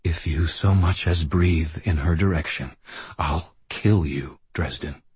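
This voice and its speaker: A man voicing a cold, controlled crime boss who speaks quietly and menacingly. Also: low-pitched, unhurried, a little hiss or hum. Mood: quiet menace.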